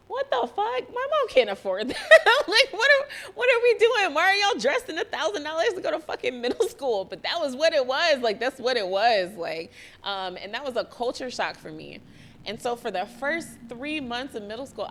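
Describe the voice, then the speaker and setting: A young adult woman, hosting a motivational solo podcast in an energetic, profane way. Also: medium pitch. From US (Georgia). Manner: energetic, profane, acts out quoted voices. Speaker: podcast host.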